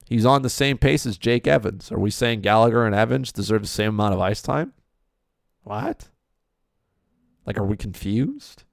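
A man's voice: medium pitch, gravelly, dry recording, clean studio sound. A man giving an opinionated hockey talk monologue, emphatic and repetitive, firing off rhetorical questions. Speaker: hockey commentator.

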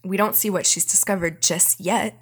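A young woman co-hosting a podcast, recapping an episode in casual chat, animated and profane, laughing often. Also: medium pitch, moderate pace, husky. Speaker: podcast co-host.

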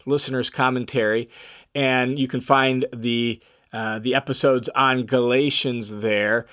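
A man's voice: mid-range voice, steady tone, a little slow, fairly bright tone. A man teaching scripture on a podcast, emphatic and repeating key phrases for stress.

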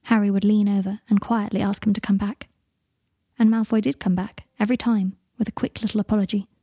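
A woman narrating a story in a calm, even reading voice on a close microphone. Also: mid-range voice, brisk, husky, dry recording. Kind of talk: storybook narration of fan fiction.

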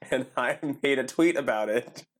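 A man's voice: mid-range voice, unhurried. A man co-hosting a podcast, telling a story in casual chat and laughing often. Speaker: podcast co-host.

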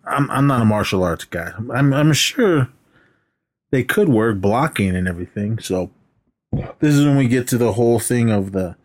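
A man's voice: mid-range voice, lively intonation, normal speed. A man co-hosting a podcast, recapping films in casual chat with lots of fillers and quoted lines. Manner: rambling and hesitant, full of fillers, acting out film lines. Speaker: podcast co-host.

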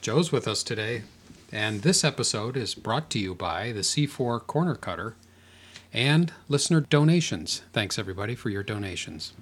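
An easygoing male podcast host with a fairly low voice. He chats casually and laughs easily. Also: animated, normal speed, a bit bright, breathy edge. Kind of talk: casual chat.

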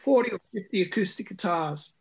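A man's voice: high voice, animated, fairly quick, gravelly, breathy edge. A man, a musician talking about his record in an interview, with many ums and restarts. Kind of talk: conversational interview.

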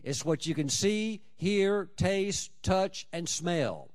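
Preacher guy, kinda high voice, big swings loud to soft, really emphatic. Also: animated, slow. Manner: emphatic, dramatic swings in loudness and pitch; acts out prayers and scripture in quoted voices. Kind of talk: sermon.

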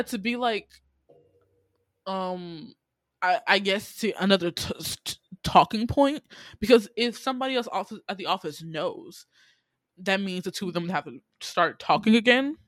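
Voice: mid-range voice, no room sound, studio quality. Incredulous young podcaster recapping a drama. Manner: animated, incredulous, swears freely, quick asides. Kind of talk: casual chat.

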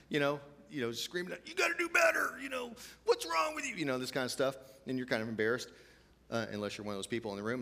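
A man's voice: medium pitch, sharp tone, big-room sound. A man preaching a conversational sermon as a pastor, chatty and self-deprecating, with many "you know" asides.

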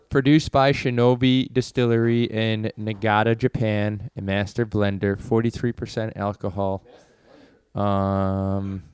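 A man co-hosting a casual podcast, joking loosely and talking in quick bursts with plenty of fillers. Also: lowish voice, smooth. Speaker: podcast co-host. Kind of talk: casual chat. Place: indoor room.

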